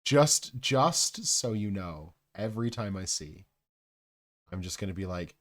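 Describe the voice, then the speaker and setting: A man chatting casually on a live stream, joking and rambling, with quiet mumbled asides between loud outbursts. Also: lowish voice, lively intonation, measured pace.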